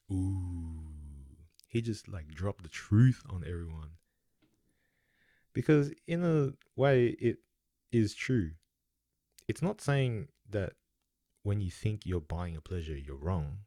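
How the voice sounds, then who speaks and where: A man's voice: low voice, warm tone, no room sound. A young man giving a rambling, self-questioning monologue about a quote in a laid-back way. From Australia. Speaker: vlogger. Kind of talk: casual musing monologue.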